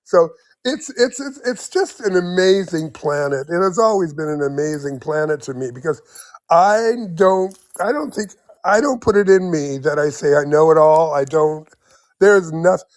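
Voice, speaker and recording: A man's voice: on the high side, animated, normal speed, no room sound, studio quality. A man in his seventies telling stories as an interview guest, rambling with many restarts and frequent laughs. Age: 70s. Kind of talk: casual storytelling in an interview.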